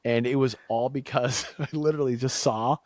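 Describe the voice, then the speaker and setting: A man's voice: mid-range voice, fairly even intonation, normal speed, a little mellow, no room sound. A man, telling a story on a podcast in a casual way and acting out the dialogue with big jumps in his voice. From Massachusetts, USA. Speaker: co-founder telling the company story.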